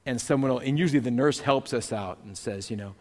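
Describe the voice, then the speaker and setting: A man preaching a sermon as pastor, telling stories in a conversational way and reading scripture slowly. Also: medium pitch. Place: church sanctuary. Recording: long hall reverb.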